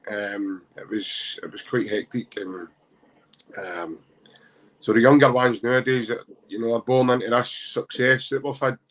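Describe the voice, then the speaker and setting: A Scottish man from Glasgow, a guest on a casual podcast, talking in a jokey, animated, self-mocking way. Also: medium pitch, unhurried. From Glasgow, Scotland.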